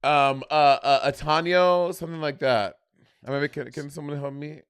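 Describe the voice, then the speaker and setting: A man's voice: a little high, fairly even intonation, normal speed, smooth, dry recording, studio quality. A man co-hosting a casual chat, sassy and chatty, often laughing. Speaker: co-host.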